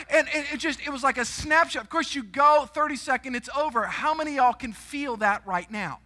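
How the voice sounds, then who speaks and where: A middle-aged man preaching a sermon in a church, telling stories with animated energy and sudden shouts. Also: very high-pitched, a little fast, hardly any pauses. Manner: storytelling, animated, shouts and screams for effect. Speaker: guest preacher. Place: church auditorium.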